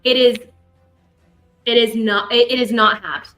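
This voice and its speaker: A woman with a fairly high voice runs a tabletop game as game master. She narrates in a rambling way, corrects herself as she goes and drops in playful sound effects, with faint music underneath. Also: fairly even intonation, a little slow, sharp tone, poor audio.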